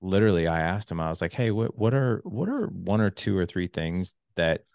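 A middle-aged man hosting a casual podcast interview, telling stories with many fillers and jumping high when he quotes people. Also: brisk, vocal fry, no echo, clean studio sound. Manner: animated storyteller, many fillers, voice jumps high when quoting. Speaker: podcast host.

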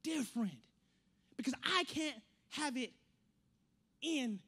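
A man preaching a sermon in an animated way, repeating phrases and acting out quotes. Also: extremely high pitch, slow pace, slightly rough.

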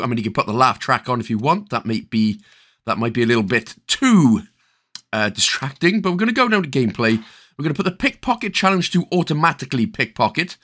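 A Welsh man narrates a game achievement walkthrough, his voice sitting a little high and swinging widely in pitch. He keeps dropping playful, jokey asides between instructions. He sounds like a regular gaming host talking straight to his viewers. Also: fairly bright tone.

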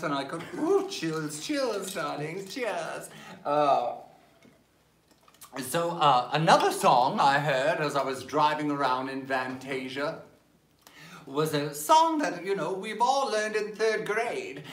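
A man's voice: on the high side, a bit bright, roomy sound. A man in his fifties from Maryland with a Southern accent, hosting a campy cabaret show with languid, theatrical patter, calling everyone darling. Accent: Southern American. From Maryland, USA. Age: 50s. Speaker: cabaret host. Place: home during lockdown livestream.

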